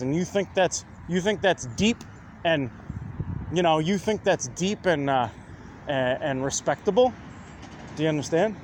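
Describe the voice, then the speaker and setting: A man with a high voice delivers a heated, profane rant straight at his audience. He keeps pressing the question of whether they understand and never softens his combative tone. Faint city noise hums behind him outdoors. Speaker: vlogger. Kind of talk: ranting monologue to viewers.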